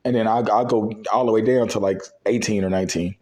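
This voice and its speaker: A man teaching scripture in a loose, conversational way, reading verses slowly and dropping verbs as he talks, with his voice going a bit hoarse. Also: fairly low pitch, steady tone, mellow. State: losing his voice. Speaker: religious teacher.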